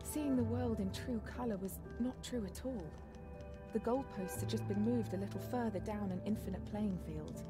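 An actress voicing a reflective mother reading her letters aloud in a calm, philosophical game voice-over. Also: mid-range voice, moderate pace, lightly acted. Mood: wondering. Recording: voice-over with clear game music.

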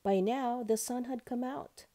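A woman reading a children's picture book aloud as storyteller, with expressive sing-song narration. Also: a little high, a little slow.

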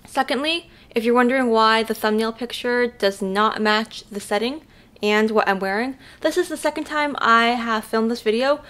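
A woman's voice: on the high side, normal speed, a bit bright, a little hiss or hum. A young woman casually talking to camera from her bedroom, chatty and upbeat, walking through items one by one. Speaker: lifestyle vlogger. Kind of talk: casual vlog talk to camera. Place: bedroom, sitting on her bed.

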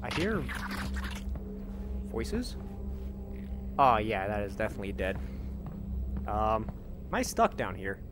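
A man's voice: on the low side, very animated, slow, pauses often, music in the background. A man casually commenting on his own gameplay in a chatty, self-mocking way. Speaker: game streamer.

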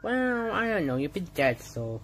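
A woman voicing a calm grown-man hero who leads a rescue, talking in a steady, bossy, soothing way during toy play-acting with a child. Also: fairly low pitch, a little slow, soft background music. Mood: matter-of-fact.

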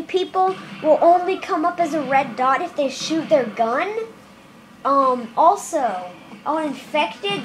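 Very high-voiced, excitable gaming commentator. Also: female voice, a little hiss or hum. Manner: jittery, then shouting with excitement. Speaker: gameplay commentator. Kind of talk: casual game commentary. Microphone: camera filming a screen.

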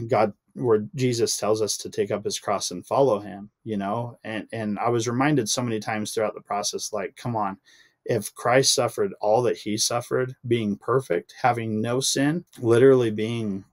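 A man's voice: on the low side, steady tone, normal speed. A young adult man sharing a heartfelt personal testimony as a podcast guest, earnest and emotional, his voice rising when he recalls frustration. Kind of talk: personal testimony in casual chat.

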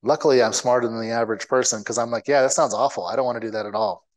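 Male guest lecturer, 30s, comic anecdote delivery, does quick voices for the people he quotes, laughs at himself. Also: medium pitch, poor audio. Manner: animated, acts out the people in his stories; self-mocking, laughs at his own story. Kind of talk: storytelling lecture.

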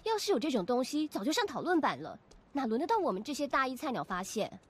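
An actress voicing a skeptical young female college student in a horror game, brisk and dismissive. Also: sits high, sing-song, breathy edge, full character voice. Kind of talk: game voice acting.

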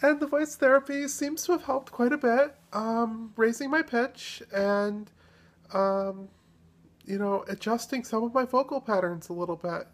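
Relaxed woman vlogging, somewhat high. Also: measured pace. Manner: relaxed, self-deprecating, hesitant. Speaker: video blogger. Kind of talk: casual vlog chat.

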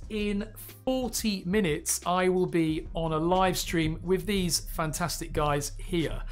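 Man, live stream host, chatty, reads the chat aloud, voice a bit high and getting hoarse. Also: a bit bright. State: voice going hoarse, clearing throat.

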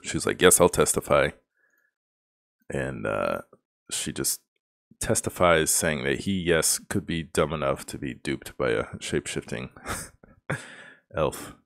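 A man with an extremely deep, low voice talks through a show episode in a loose, rambling way. He sounds exasperated and breaks into laughs as he goes. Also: expressive, takes it slowly, creaky, a bit bright. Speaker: show reviewer. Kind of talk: casual spoken review.

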